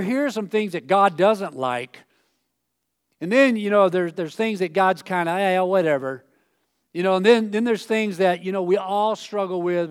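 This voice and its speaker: High-voiced man preaching conversationally. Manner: conversational, acts out quoted voices with sudden loud outbursts. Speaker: pastor. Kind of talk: sermon. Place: church stage.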